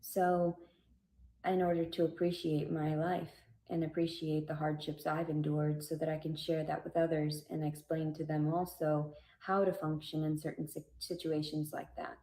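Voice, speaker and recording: A woman with a low, mellow voice tells a personal story in a casual vlog. Her delivery stays fairly flat and level as she drifts between tangents. She talks earnestly and rambles, with many fillers and false starts. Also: moderate pace, rough recording. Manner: earnest and religious. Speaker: vlogger.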